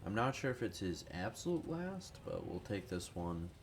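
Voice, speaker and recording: Low-voiced sick man rambling over gameplay. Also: big pitch swings, moderate pace, vocal fry, noisy background. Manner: rambling, profane, self-deprecating. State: sick with a cold. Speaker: gaming youtuber. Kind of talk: casual gameplay commentary.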